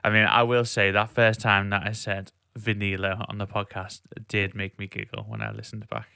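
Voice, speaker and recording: A man's voice: fairly low pitch, little pitch movement, moderate pace, creaky, sharp tone, clean tone, no room sound, studio quality. A man hosting a casual podcast chat, rambling and self-deprecating. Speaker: podcast host.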